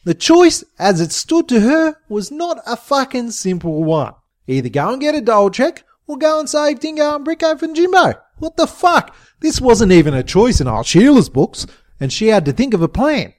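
A man narrating a comic story in a profane, expressive way. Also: extremely high pitch, normal speed.

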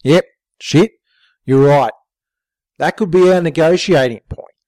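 A man playing a rough, scheming young bloke who talks excitably and swears. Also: fairly high pitch, unhurried, no room sound, close to an everyday voice. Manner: excitable, swearing, shouting in alarm.

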